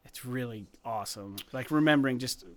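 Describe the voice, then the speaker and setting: Male co-host, loose excitable gamer chatter, rambles and restarts. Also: mid-range voice, brisk. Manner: rambling, filler-heavy, excitable. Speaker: podcast co-host. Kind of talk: casual gaming chat.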